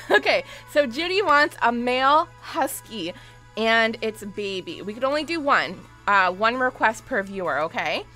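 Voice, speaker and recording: Bubbly high-voiced woman streamer. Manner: bubbly, gushing, greets viewers in quick bursts; squeals loudly when excited. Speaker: game live streamer. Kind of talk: casual live-stream chat. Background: faint game music.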